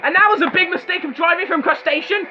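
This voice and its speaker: A man's voice: very high-pitched, fast, noisy background. A young man giving casual, joking fan commentary on robot fights. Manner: joking, chatty, excitable asides. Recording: slightly dull lo-fi sound with music behind.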